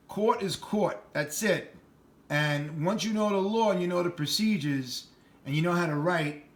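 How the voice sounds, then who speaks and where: A middle-aged man with a New York accent talking bluntly and rambling in a casual vlog. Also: a little high. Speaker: channel host.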